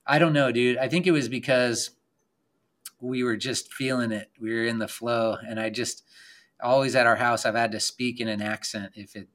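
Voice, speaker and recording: A man chatting casually as a podcast guest, rambling and excited, filling his talk with "like". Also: mid-range voice. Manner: rambling, excited, heavy use of "like". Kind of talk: casual chat.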